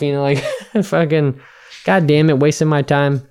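Brief: male podcast host, smooth clear voice, loose swearing storyteller. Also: on the high side, fairly quick, a little mellow. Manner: rambling, profane storyteller acting out bar dialogue. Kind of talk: casual drunken chat.

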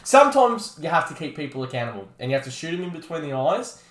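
A man's voice: a little high, big pitch swings, quick pace, fairly bright tone, echoey room. An Australian man co-hosting a podcast, teasing and mock-serious in casual banter. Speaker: podcast co-host.

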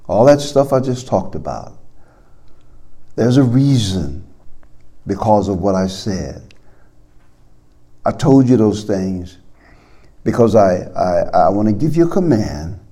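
Lively, slow-preaching male pastor. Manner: preaching with sweeping swings between loud calls and low murmurs. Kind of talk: sermon.

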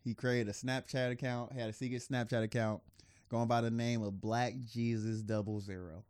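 A man cohosting a casual podcast chat, swearing freely and laughing often, sometimes loud, sometimes mumbling. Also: mid-range voice, little pitch movement, moderate pace, clean tone, dry recording, studio quality. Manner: loose and profane, laughs often, drifts between loud and mumbled. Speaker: podcast co-host.

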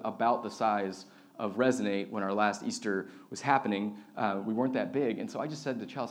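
A man in his thirties, a pastor, preaching a sermon with lively personal stories and acted-out voices. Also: mid-range voice. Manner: animated storytelling, acts out quoted voices.

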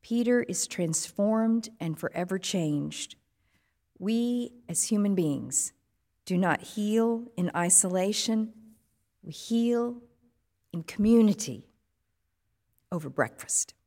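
A woman's voice: medium pitch, lively intonation, takes it slowly, pauses often, dark tone, in a large hall. Woman preaching with rhetorical questions. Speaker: pastor. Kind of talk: sermon.

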